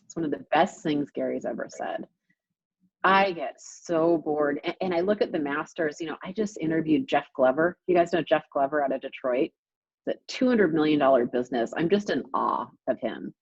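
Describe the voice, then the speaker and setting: A woman's voice: low-pitched, moderate pace, slightly rough, no room sound, muffled recording. A woman real estate coach leading a group coaching call, speaking emphatically and repeating points for stress, over a video call.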